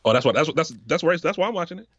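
Animated, swearing podcast co-host man. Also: on the high side, rapid-fire, dry recording, dull audio. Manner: animated, profane, acts out scenes in quoted voices. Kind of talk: casual chat.

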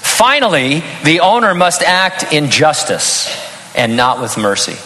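A man's voice: on the high side, big pitch swings, measured pace, long reverb tail, background noise. An older man preaching a sermon in an earnest tone, breaking into humorous personal stories. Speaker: pastor.

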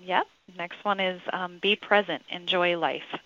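A woman speaking as a radio guest, earnest and practical as she explains things. Her voice is bright and forward, though the recording sounds somewhat dull and lo-fi. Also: lowish voice, steady tone, measured pace. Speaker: salon and spa event coordinator, guest.

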